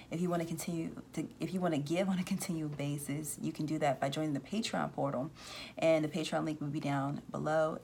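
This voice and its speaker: A woman's voice: sits low, vocal fry, darkish tone, slight background noise. A woman hosting a casual spiritual talk, rambling with restarts and acting out voices she says she hears. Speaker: spiritual reader and channel host.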